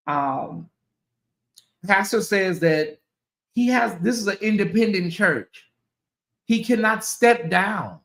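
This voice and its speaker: Talking casually to her viewers, a woman who hosts a commentary channel gets animated and repeats herself as she exclaims. Her voice is lowish, and the sound is roomy.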